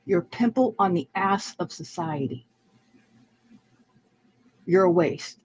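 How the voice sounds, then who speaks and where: A woman's voice: lowish voice, darkish tone, husky, low-quality recording. A woman in a heated online argument who repeats herself in a taunting, contemptuous way.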